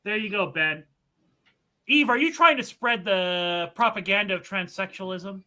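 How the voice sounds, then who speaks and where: Guy trolling a chatbot, mocking and crude, sharp bright voice. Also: high voice, moderate pace. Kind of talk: casual livestream banter.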